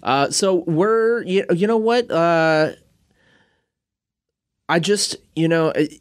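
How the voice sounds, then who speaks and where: A man's voice: a little high, animated, slow pace, clean tone. A man hosting a casual podcast interview, speaking in a friendly way with hesitant restarts.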